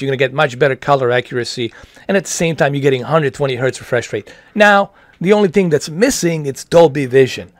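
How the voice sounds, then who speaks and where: A man's voice: medium pitch, dry recording. A man in his forties hosting a livestream, talking about TVs in a loose, rambling, friendly way with plenty of slang. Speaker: livestream host answering TV questions. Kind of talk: casual livestream chat.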